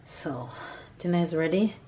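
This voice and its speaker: A woman's voice: deep voice, lively intonation, normal speed, echoey room, heavy background noise. A woman with a Jamaican accent, a mother chatting casually to the camera in her home kitchen, upbeat and motivational while she multitasks. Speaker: mother and family vlogger. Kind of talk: casual vlog talk to camera.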